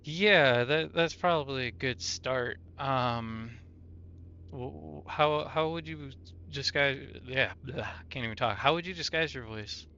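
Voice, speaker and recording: A man's voice: medium pitch, a little slow, sharp tone, smooth. A man chatting casually with an AI companion while streaming a game, often stumbling and restarting his words. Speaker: gaming streamer. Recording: dull lo-fi mic.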